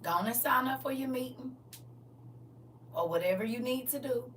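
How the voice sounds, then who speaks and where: A woman's voice: high voice, normal speed, a bit bright. Fervent woman preaching from a distance. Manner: fervent, exhorting, colloquial Southern speech. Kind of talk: livestreamed sermon. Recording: distant mic with faint noise.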